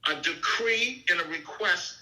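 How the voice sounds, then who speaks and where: Male minister, informal Bible teaching, emphatic and repetitive, bright tone. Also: high-pitched, unhurried, poor audio. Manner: emphatic, repeats "okay?" and "you see?".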